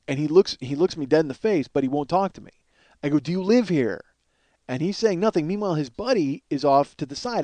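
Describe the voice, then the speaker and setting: A man hosting a comedy podcast, telling a story in an animated, profane, rambling way. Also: a little high, no room sound. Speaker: podcast host.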